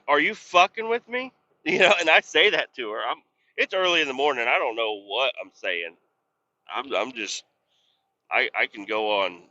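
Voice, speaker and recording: Man, casual podcast host, swears freely, exasperated rambling story; very bright voice, slightly dull lo-fi recording. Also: on the low side.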